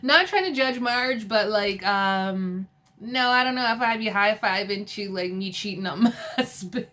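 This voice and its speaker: A woman's voice: medium pitch, normal speed, bright, forceful tone. A woman chatting casually as she recaps a TV episode, filling her speech with "like" and laughing often. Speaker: TV episode reviewer.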